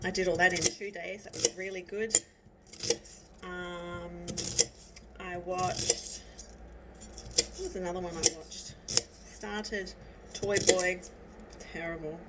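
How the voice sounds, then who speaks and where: The recording is very noisy, with dishes and cutlery banging in a home kitchen picked up by a distant mic. A woman with a lowish, fairly even voice talks slowly and pauses often, chatting and rambling as she cooks for her vlog, interrupting herself and sniffling tearfully from cut onions.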